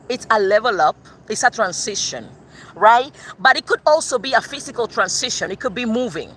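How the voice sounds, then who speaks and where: A woman giving a live tarot reading, excitable and expressive, swearing casually as she talks to viewers. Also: fairly high pitch, slight background noise. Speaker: tarot reader.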